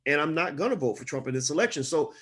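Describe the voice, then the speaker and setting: A middle-aged man giving solo commentary, impassioned, repeating his phrases and climbing higher as he gets worked up. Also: fast talker. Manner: impassioned, repeats phrases, rises in pitch when animated.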